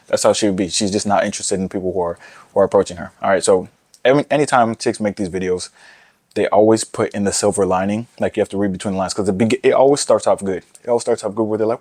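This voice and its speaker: A young man rattles off blunt dating advice to camera at a quick clip. His voice sits low, and his delivery is brash and profane, full of repeats and restarts. The sound is close and dry, with no room to it. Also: steady tone, a little mellow, dry recording. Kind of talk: casual rant to camera.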